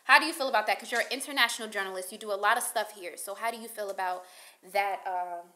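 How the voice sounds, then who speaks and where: A woman's voice: mid-range voice, fast, bright, forceful tone, a little hiss or hum. A woman filling in as host of a casual news chat podcast, talking in a bubbly, playful, teasing way. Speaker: fill-in host.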